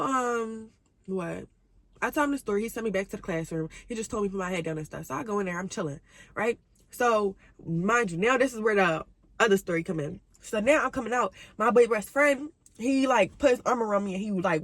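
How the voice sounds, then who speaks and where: A young woman telling a casual storytime on her vlog, slangy and animated, her voice swinging between high and low. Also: brisk, dry recording. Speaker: vlogger.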